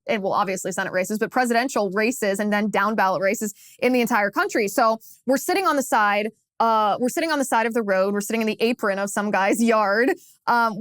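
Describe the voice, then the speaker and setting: A woman in her thirties hosting a political talk show, telling a story in a lively, casual way and laughing along. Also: a little high, dry recording, studio quality. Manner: animated, laughs while telling anecdotes.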